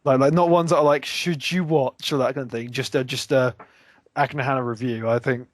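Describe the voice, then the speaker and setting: A man's voice: medium pitch, steady tone, brisk, dry recording. A man co-hosting a casual podcast, joking and crude with dry banter. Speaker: podcast co-host. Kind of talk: casual chat.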